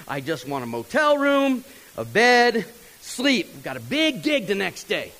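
A man, telling a funny story from the pulpit and talking straight to the crowd. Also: low-quality recording. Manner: animated, talks to the crowd, mimics others in a higher voice. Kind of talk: storytelling sermon.

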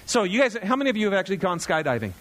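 A man in his thirties, a pastor, preaching in a chatty, animated storytelling way to his congregation. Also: high voice, rapid-fire.

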